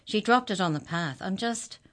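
A woman's voice: mid-range voice, lively intonation, moderate pace, fairly bright tone, voice pushed up, close to an everyday voice. A woman voicing an anxious, put-upon young boy in a children's storybook, worried and hesitant.

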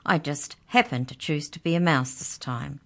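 A woman doing a squeaky mouse tooth fairy. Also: moderate pace, gravelly. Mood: defiant.

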